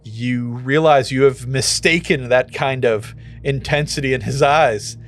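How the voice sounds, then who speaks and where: A man's voice: medium pitch, measured pace, soft background music. Man narrating as game master. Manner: relaxed, with frequent fillers.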